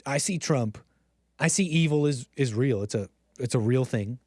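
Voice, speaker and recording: A man's voice: mid-range voice, moderate pace, dark tone, no room sound, studio quality. A man hosting a casual livestream, rambling and sarcastic, mocking others with exaggerated gasps. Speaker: livestream host.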